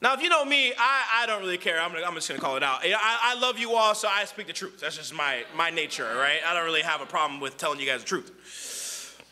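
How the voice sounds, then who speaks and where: A young man delivers a casual, animated sermon in a high, bright, cutting voice. His pitch swings widely as he jumps between plain talk and quoted voices. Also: fast, hardly any pauses. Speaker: preacher.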